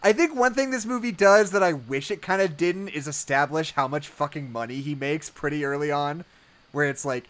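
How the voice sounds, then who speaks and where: A man's voice: a little high, moderate pace, fairly bright tone. A man in casual film discussion, rambling with many fillers and acting out quotes from the movie. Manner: rambling, heavy use of "like", acts out quotes. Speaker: podcast co-host.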